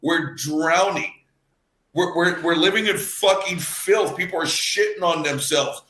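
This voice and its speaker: A Cajun man in his fifties rants in a loose, profane chat, often stammering over repeated words. His voice sits a bit high and sounds bright and forceful. The room around him is echoey. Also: unhurried. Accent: Louisiana Cajun. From Louisiana. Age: 50s. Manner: profane, heated, repeats words, swings between laughing and shouting. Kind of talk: casual chat, ranting commentary.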